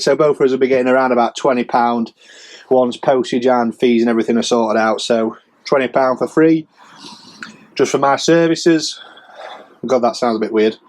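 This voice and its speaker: A man giving a casual, rambling sales update as a reseller vlogger, chatty and self-mocking. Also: mid-range voice. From England.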